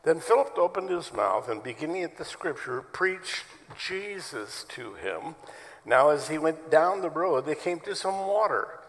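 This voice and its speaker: A man's voice: a little high, big pitch swings, a little slow, a bit bright, long reverb tail, low-quality recording. A man preaching a sermon as pastor to his church, telling stories in a conversational way. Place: church sanctuary.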